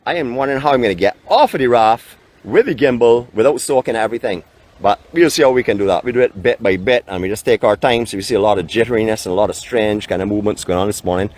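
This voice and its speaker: A man's voice: fairly low pitch, quick pace, darkish tone. A Barbadian man hosting a live vlog from a raft off the beach, chatting like a welcoming tour guide, picked up by the camera mic with no external microphone. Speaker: vlog host. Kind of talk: live outdoor vlog narration. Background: faint wind.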